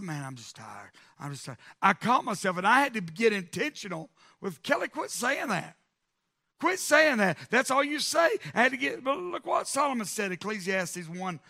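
Guy pastor preaching, bright edgy tone, gets loud and punchy on repeats. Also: high-pitched. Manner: emphatic preaching, rising to shouted repetitions. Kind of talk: sermon.

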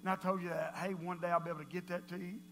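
A man voicing a husband on the phone, speaking low and hushed as he teases his wife. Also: level tone, racing, vocal fry, soft background music. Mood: sly.

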